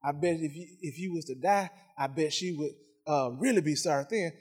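A man's voice: on the high side, a little fast, a little mellow, breathy edge, voice pushed down. A man preaching who voices the devil as a sly male tempter, coaxing him with short needling questions.

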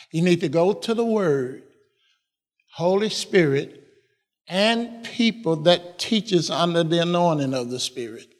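A man preaching a sermon, repeating phrases and laughing as he drives points home. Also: high-pitched. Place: church. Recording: long reverb of a church hall.

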